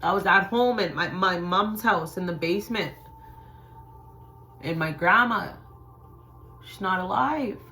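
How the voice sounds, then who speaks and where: A woman's voice: lowish voice, measured pace, pauses often, a little hiss or hum. A woman hosting a spiritual channel, telling a personal story in a loose, conversational way and acting out the voices of the people in it. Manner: animated retelling, acts out quoted voices.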